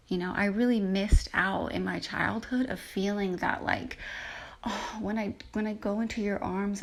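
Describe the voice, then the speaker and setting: A woman's voice: mid-range voice, gravelly. A woman hosting a podcast, telling a personal story in a reflective, emotional way, with many fillers and restarts. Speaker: podcast host. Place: lives in a big city with a rooftop terrace.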